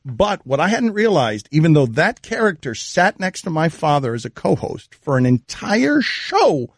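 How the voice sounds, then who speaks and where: A man hosting a sports radio talk show, telling stories quickly and animatedly, laughing as he goes. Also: fairly high pitch, slightly rough, dry recording, clean studio sound. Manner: fast, animated storytelling with laughter. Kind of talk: casual sports radio banter. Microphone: studio microphone.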